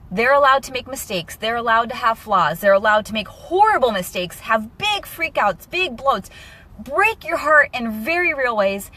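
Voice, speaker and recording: A young woman talking candidly and emotionally to camera in a personal vlog. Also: a little high. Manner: candid and emotional, lively asides. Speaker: vlogger.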